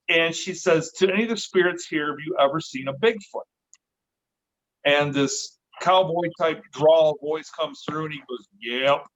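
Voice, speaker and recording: A man's voice: on the high side, a bit bright. A middle-aged man, a podcast guest, telling a story casually and acting out the voices he quotes, with the odd swear word. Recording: dull lo-fi recording.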